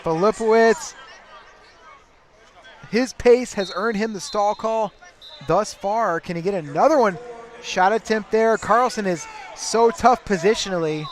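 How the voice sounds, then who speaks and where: A man with a fairly high voice calls live wrestling play-by-play, his delivery swinging from quick, level commentary to loud shouts whenever a big move lands. A faint crowd murmurs behind him in the arena. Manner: surges into excited shouting on big moves. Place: tournament arena.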